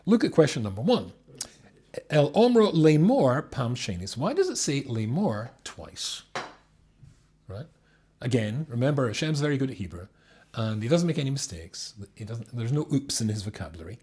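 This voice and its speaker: Animated husky-voiced rabbi teaching. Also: male voice, medium pitch, moderate pace. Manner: lively, reads Hebrew text then explains it. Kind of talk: animated Torah class. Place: room with a live audience.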